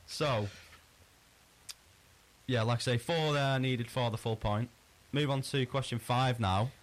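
A man hosting a casual quiz on a podcast, chatty and relaxed, often restarting his sentences. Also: mid-range voice, a little slow. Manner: chatty, easygoing, frequent restarts. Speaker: quizmaster.

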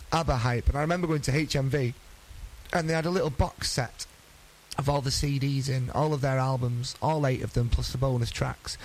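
A man's voice: mid-range voice, a little hiss or hum, poor audio. A man, presenting a local radio show and chatting between songs in a rambling, self-deprecating way. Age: 30s. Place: radio studio. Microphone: studio microphone.

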